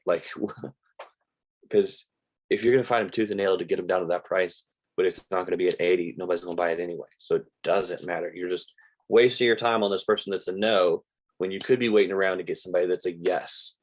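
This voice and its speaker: A man's voice: sits low, steady tone, quick pace. An older American man teaching real estate investing in a casual live stream, telling stories and quoting conversations with sellers. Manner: chatty storyteller, quoting conversations, says "like" a lot.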